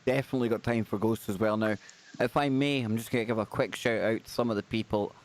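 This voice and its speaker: A man hosting a live stream, chatting casually and reading out viewer names with excitable, rambling asides. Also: fairly low pitch, fast talker. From United Kingdom. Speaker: livestream host.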